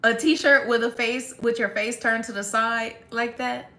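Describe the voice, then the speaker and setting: A young woman chatting casually to viewers on a livestream, sarcastic and quick to laugh. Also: on the high side, flat delivery, sharp tone, reverberant. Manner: sarcastic, laughs often, talks straight to viewers. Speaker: livestream host.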